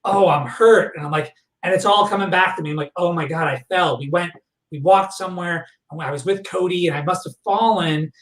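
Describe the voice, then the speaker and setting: A man guest on a podcast, recounting a personal memory in a halting way, full of fillers and restarts. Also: high voice, fairly bright tone. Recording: echoey room, voice far from the mic.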